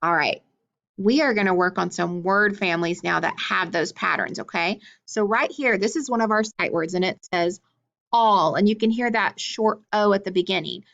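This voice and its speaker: Lady teaching kids phonics, slow and clear, mid pitch voice, kinda muffled recording. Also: a bit bright. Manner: slow, clearly sounding out words, encouraging. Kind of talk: phonics lesson for young children.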